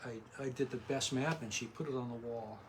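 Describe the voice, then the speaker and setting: Older guy, soft-spoken artist, kinda mumbly, small room with faint hiss. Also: mid-range voice, a little fast. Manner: soft-spoken, trails off and restarts. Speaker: artist guest. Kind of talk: casual interview. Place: small home studio in a condo bedroom.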